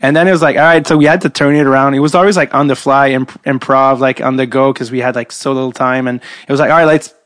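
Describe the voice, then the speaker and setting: A man's voice: medium pitch, steady tone, quick pace, hardly any pauses, fairly bright tone, no room sound. A man hosting a casual podcast interview, telling stories in a rambling way full of filler words. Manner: rambling storyteller, heavy use of filler words. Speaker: podcast host.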